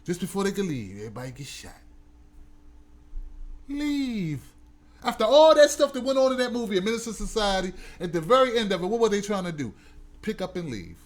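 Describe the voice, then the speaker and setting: An American male talk show host with a high, sing-song voice talks a little fast. He speaks straight to his audience in emphatic, preachy, opinionated commentary.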